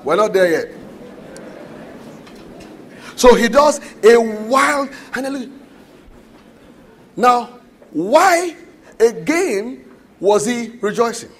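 A man preaching a sermon, animated and often putting questions to the congregation. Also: extremely high pitch, slow pace, pauses often, slightly rough.

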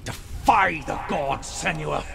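An actor playing a man in a video game who urges defiance of the gods, with an intense, drawn-out delivery. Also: fairly high pitch, vocal fry, music in the background, heavily acted. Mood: urging.

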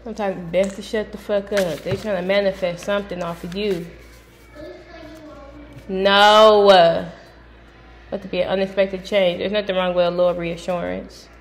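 A woman giving a casual tarot reading from home, blunt and profane, breaking into loud sudden outbursts. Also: mid-range voice, flat delivery, fast, few pauses. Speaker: tarot reader.

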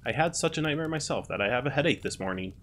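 A man's voice: mid-range voice, expressive, fast, a bit bright, slight background noise, pitched above the performer's own voice, lightly acted. A man voicing a dismissive young middle sister in a storybook reading.

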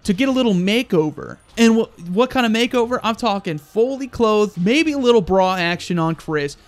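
A young man giving loud, crude, excitable commentary while playing a video game. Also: high voice, moderate pace, no echo. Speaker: gaming YouTuber. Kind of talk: let's play commentary.

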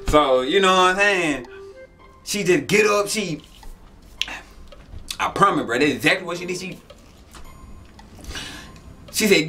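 A man's voice: high-pitched, measured pace, soft background music. A man hosting his own channel, telling a story in casual slang and acting out the quotes in a raised voice. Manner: animated, acts out quotes in a raised voice, profane slang. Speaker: channel host.

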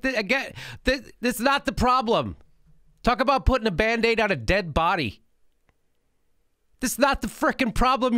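A man's voice: sits high, a bit bright, dry recording, studio quality. A middle-aged man hosting a political commentary show, ranting in an indignant, mocking and profane way. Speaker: host.

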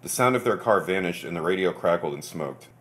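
A male podcaster reads news pieces out loud with calm, measured delivery, interrupting himself with short, quiet side remarks.

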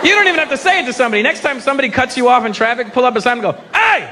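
A brash stand-up comedian talks in a fairly high voice, cursing freely and teasing the crowd. He is on a stage mic in front of a live audience, with loud crowd noise and room buzz around him. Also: animated, very fast.

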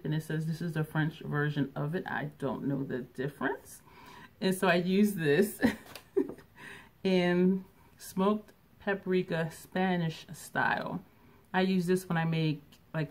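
A middle-aged woman chatting casually through a shopping haul vlog, laughing often and thinking aloud. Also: low voice. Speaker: beauty vlogger.

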